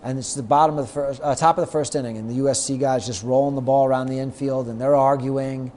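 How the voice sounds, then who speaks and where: A middle-aged man, a guest on an interview show, telling anecdotes lively and acting out the lines of the people in them. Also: medium pitch, fast. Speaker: guest, sports marketer. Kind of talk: storytelling in a podcast interview.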